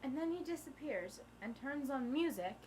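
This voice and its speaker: A woman's voice: high voice, moderate pace, crowd noise. A teenage girl vlogging, telling a story in casual chat and acting out the people in it. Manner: animated, acts out the people in the story.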